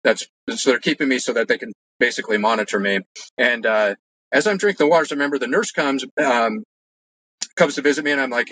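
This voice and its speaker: A man's voice: medium pitch, quick pace, sharp tone, no echo, poor audio. A man telling his own story as an interview guest, earnest and rambling, with lots of "like" and restarts. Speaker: guest recounting personal experiences. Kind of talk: casual storytelling.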